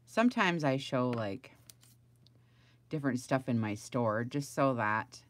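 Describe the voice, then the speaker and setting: A woman's voice: a bass voice, lively intonation, a little slow. A middle-aged woman chatting casually on a home crafting livestream, rambling and greeting viewers by name.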